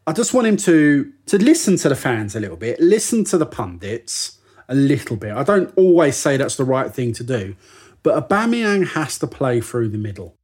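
A man in casual football chat, chatty and jokey, slipping into quick impressions of people. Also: medium pitch, big pitch swings, darkish tone, husky. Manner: chatty, jokey, mimics people mid-story. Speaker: football podcast co-host.

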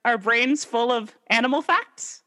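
A woman's voice: on the high side, a little slow, pushed and bright. A woman co-hosting a podcast in casual chat, reading out quiz questions and laughing often. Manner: giggly, playful, laughs a lot. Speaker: podcast co-host.

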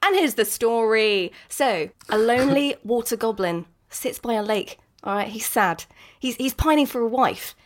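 Woman, podcast co-host, casual chat, slangy, laughing, fairly high voice. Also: moderate pace. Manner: animated storytelling, slangy, laughs often.

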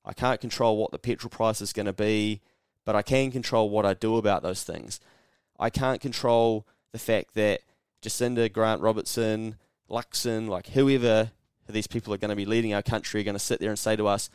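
A New Zealand man talks through his solo podcast in a blunt, sarcastic, sweary way, slipping into mock dialogues as he goes. His voice sits a little low. The sound is dry and close, with no room around it. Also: steady tone, moderate pace, clear, resonant tone, dry recording. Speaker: podcast host. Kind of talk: casual solo podcast monologue.

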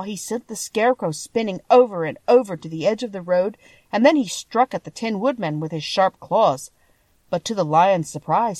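A woman narrating a classic storybook in an expressive, measured way. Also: lowish voice, no echo. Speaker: audiobook reader.

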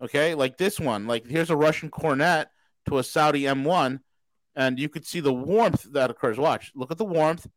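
A man's voice: on the high side, moderate pace, no echo, poor audio. A male show host talking politics in a blunt, emphatic and sarcastic way. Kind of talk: heated political talk.

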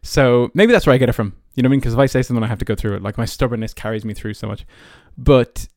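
An Irish man in his early twenties hosts his podcast, telling personal stories casually and loosely, with frequent fillers. His voice sits in a middle pitch. The sound is dry with no room echo. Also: rapid-fire, darkish tone. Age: early 20s. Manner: chatty, many fillers like "like" and "you know". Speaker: podcast host.

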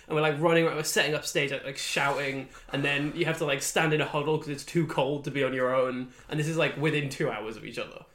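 A man's voice: fairly high pitch, fast talker, few pauses, reverberant. A man co-hosting a podcast, telling stories in casual chat with lots of swearing and acted-out quotes. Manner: animated storytelling, swears often, mimics people. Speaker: podcast co-host.

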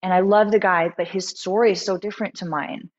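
Woman, candid interview guest, animated storyteller, fillers, lo-fi muffled sound. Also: medium pitch, brisk. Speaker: guest musician.

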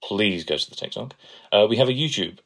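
Co-host, man, very low voice, playful and gushing. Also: animated, brisk, vocal fry, a bit bright. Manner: playful, enthusiastic, gushes over quotes. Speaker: podcast co-host. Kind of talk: casual chat.

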